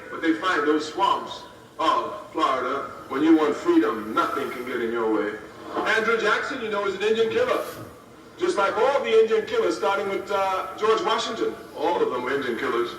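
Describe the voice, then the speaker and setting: A man in his fifties delivers a political speech to students from a distance, his fairly high voice ringing through a roomy hall. He speaks emphatically, hammering points home by repeating them. Faint hiss sits under the old recording. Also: pushed and bright. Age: 50s. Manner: emphatic, repeats key phrases for effect.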